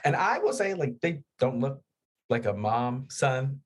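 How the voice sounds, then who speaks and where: Husky animated podcast guy. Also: mid-range voice, unhurried. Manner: chatty, lots of filler "like", animated retelling. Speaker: podcast co-host. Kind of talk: casual film discussion.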